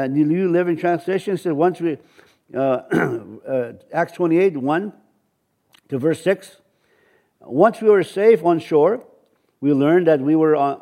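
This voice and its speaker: This pastor speaks with an Ojibwe accent, his male voice a little high and warm. He preaches a sermon and reads scripture, frequently halting, restarting and using fillers.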